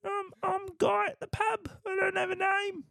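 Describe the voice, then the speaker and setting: A chummy little pub regular, squeaks in a very high falsetto with a gravelly creak running through it. He talks in a matey, friendly way as if greeting everyone at the bar. The sound is close and dry, as in a small podcast studio. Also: monotone, moderate pace, pushed and bright, no echo, full character voice. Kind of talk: comic bit on a podcast.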